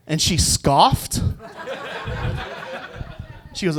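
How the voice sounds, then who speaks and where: A man with a drawl tells stand-up stories from a club stage into a handheld mic. His voice sits a little high, and he slips into the people he quotes and chuckles at his own jokes between lines. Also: animated, drawn-out words, pauses often. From Virginia, US South. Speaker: stand-up comedian. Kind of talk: stand-up comedy set. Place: comedy club stage before a live audience.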